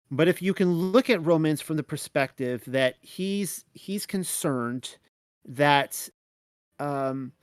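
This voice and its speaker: A man's voice: fairly high pitch, clean tone, no echo. Rambling man teaching a dry Bible study. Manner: rambling, with many restarts and fillers. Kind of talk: casual spoken Bible study talk.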